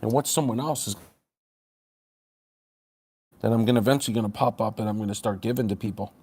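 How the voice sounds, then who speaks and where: A man's voice: fairly low pitch, fairly quick, a little mellow, breathy edge. A man livestreaming to his chat, ranting bluntly and confrontationally, with sarcastic jabs at viewers.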